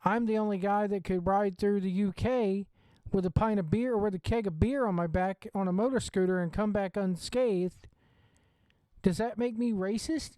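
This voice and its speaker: A man's voice: high voice, dark tone, clean tone, no room sound. A man with a Southern US accent hosting a wrestling watch-along, ranting bluntly and swearing freely. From Southern United States. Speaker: wrestling show host. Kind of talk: opinionated watch-along commentary.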